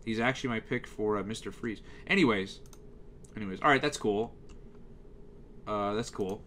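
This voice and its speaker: Grumbling about a TV channel's schedule, a young YouTuber gives exasperated, casual commentary full of fillers and restarts. His voice is on the low side, a bit bright, at normal speed, with a little hiss or hum in the recording.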